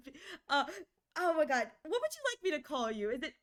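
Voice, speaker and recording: A woman's voice: high voice, lively intonation, fairly quick, fairly bright tone. A young woman streaming live, chatting casually with viewers and often stammering, close to tears.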